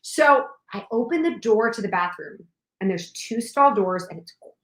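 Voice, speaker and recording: A young woman telling a personal story in an animated way, acting out the scenes with sudden drops and bursts of volume. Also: fairly high pitch, measured pace. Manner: dramatic, acts out scenes with shifts in volume. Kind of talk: animated anecdote. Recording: echoey room.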